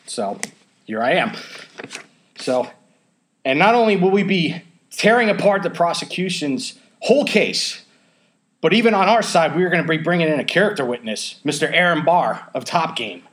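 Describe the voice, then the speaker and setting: A man's voice: on the high side, lively intonation, normal speed, a bit bright. Man playing a mock defense lawyer. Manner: playful, theatrical mock-lawyer delivery. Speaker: podcast host. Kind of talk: mock courtroom speech, then casual podcast chat.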